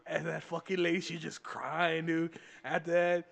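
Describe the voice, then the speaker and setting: A young man with a fairly high voice tells a story on a casual podcast. He is animated and profane, laughs a lot, and acts out every quote as he goes. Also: normal speed, gravelly. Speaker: podcast co-host.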